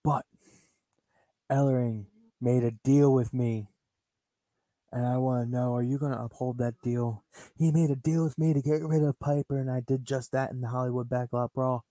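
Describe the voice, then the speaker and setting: A man's voice: mid-range voice, steady tone, moderate pace, mellow, dry recording, close to an everyday voice. A man voicing a brash wrestler who insists on getting what he was promised. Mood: demanding. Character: brash demanding male wrestler.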